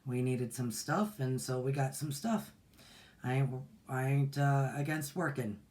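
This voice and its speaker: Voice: mid-range voice, unhurried, a little mellow. A host in their forties chats on a livestream about meditation and spiritual practice. The delivery is folksy and rambling, full of restarts and asides to viewers. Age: 40s. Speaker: meditation teacher and channel host. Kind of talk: casual livestream talk.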